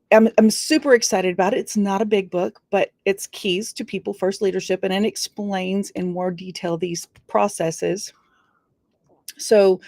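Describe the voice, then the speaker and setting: A woman's voice: medium pitch, gravelly, darkish tone, no room sound, clean studio sound. A woman giving an earnest motivational talk on leadership, stressing key words and drawing them out. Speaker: leadership speaker. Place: studio.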